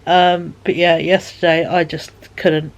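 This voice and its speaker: Chatty tired British mum vlogging. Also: female voice, lowish voice, little pitch movement, unhurried, highs cut off. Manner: rambling, lots of fillers and repeated "he said". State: yawning, tired. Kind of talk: casual chatty vlog.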